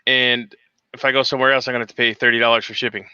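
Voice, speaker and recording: A man's voice: medium pitch, little pitch movement, racing, pushed and bright, smooth, no room sound, muffled recording. A man hosting a casual morning talk show, rambling and cursing freely with many restarts. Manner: rambling, profane, restarts often. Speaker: podcast host.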